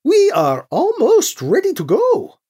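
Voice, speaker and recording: Brief: narrator putting on an upbeat male engineer, clearly higher and brighter, chirpy and a bit naive. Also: huge pitch swings, takes it slowly, heavily acted. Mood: cheerful.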